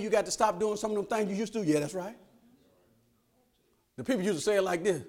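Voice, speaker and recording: An older man preaching a sermon, calling out to the congregation and rising to shouts. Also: sits high, fast, long pauses.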